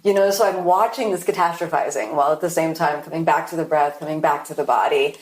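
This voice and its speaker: Yoga teacher lady hosting a podcast, lowish voice, tells stories all animated, bit of room echo. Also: fast. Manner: animated storytelling, acting out her own thoughts. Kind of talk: conversational podcast interview.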